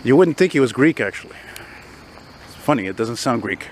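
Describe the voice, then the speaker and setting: A man's voice: medium pitch, lively intonation, brisk, slight background noise. A tired, unwell man, ranting and rambling as he walks a city street, recording on a handheld phone. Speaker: vlogger. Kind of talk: walking vlog rant.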